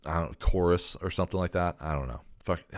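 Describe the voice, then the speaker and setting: A man's voice: very deep voice, moderate pace, no echo, studio quality. A man telling a long, exasperated story in casual podcast chat, swearing and restarting his sentences often. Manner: exasperated, profane rant with many restarts. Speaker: podcast host.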